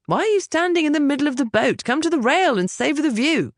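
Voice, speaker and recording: A woman voicing a composed young aristocratic gentleman who speaks mildly and evenly, in an audiobook. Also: very high-pitched, fast talker, no echo, clean studio sound, pitched above the performer's own voice, full character voice. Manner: mild, even, unruffled.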